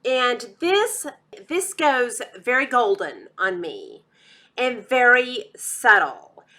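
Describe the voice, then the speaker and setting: A woman with a Texas drawl chats through her makeup finds with easy enthusiasm. Her voice sits a bit high and rings bright, and she keeps calling her viewers y'all. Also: very animated, slow pace. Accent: Texan. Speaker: beauty vlogger. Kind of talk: casual product review.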